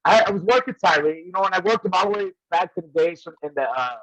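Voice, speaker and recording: A man's voice: sits high, animated, fast, a bit bright, no echo. Laughing man spinning wrestling stories. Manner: laughs often while telling stories. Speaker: guest wrestler. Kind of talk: casual storytelling. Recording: dull, lo-fi sound.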